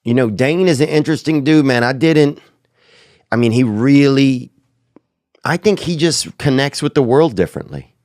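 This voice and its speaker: A man's voice: medium pitch, normal speed, darkish tone, no room sound, studio quality. A sick, sniffling man hosting a podcast, riffing in a crude, slangy, rambling comic monologue. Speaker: podcast host.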